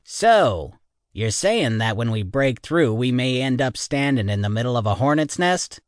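A man voicing a gruff, laconic male tunnel boss in an audiobook, speaking slowly and bluntly. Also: medium pitch, expressive, dry recording, studio quality, close to an everyday voice.

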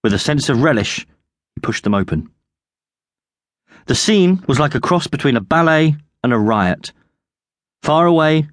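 A man narrating his own children's adventure book with lively, expressive storytelling. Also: mid-range voice, no echo, clean studio sound. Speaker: audiobook narrator and author.

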